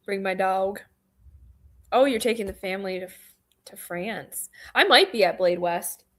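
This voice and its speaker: A woman's voice: mid-range voice, measured pace, a bit bright. A young woman with a central Michigan accent, chatting casually and playfully as a guest, laughing often. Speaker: knife shop guest. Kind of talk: casual chat.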